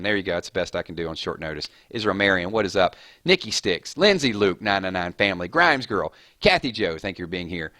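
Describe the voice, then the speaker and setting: A man's voice: low-pitched, sing-song, bright, forceful tone, no room sound, studio quality. A man hosting a casual live stream, rattling off chat names and thanking viewers. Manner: rapid-fire, chatty, reading names off chat.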